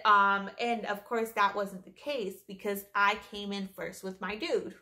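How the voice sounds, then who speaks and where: A young woman vlogger telling a story in a casual, animated way, swearing often and full of fillers. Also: a little high.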